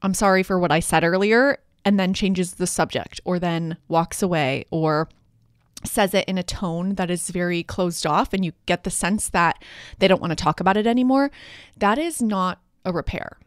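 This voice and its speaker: A woman's voice: on the low side, normal speed, no echo, clean studio sound. A woman hosting a parenting podcast, explaining in an earnest, encouraging way. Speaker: podcast host, parenting coach. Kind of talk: solo podcast teaching.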